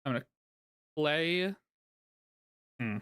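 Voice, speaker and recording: A man casually narrating his own card game play, thinking aloud, counting out loud and laughing often. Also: fairly high pitch, animated, slow pace, clean tone. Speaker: card game content creator. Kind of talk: casual gameplay commentary.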